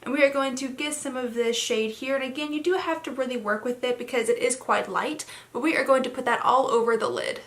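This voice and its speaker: A young woman chatting casually through a makeup tutorial, rambling with lots of fillers and a slightly hoarse throat. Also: high-pitched, fairly quick, hardly any pauses, a bit bright. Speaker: beauty vlogger.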